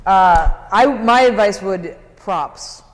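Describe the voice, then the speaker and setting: A man judging a school talent show, giving halting advice with several restarts. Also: high-pitched. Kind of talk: giving feedback. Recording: echoey studio hall.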